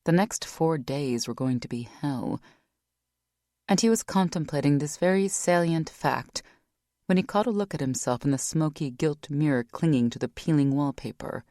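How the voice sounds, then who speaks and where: A woman narrating an audiobook in a wry, measured storytelling manner. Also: deep voice, animated, mellow, no room sound, studio quality. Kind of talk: scripted narration.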